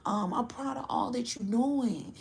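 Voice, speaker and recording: A woman voicing a two-faced, fake-supportive woman who gushes overly sweet, drawn-out praise in a raised voice. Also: on the high side, vocal fry, darkish tone, voice pushed up.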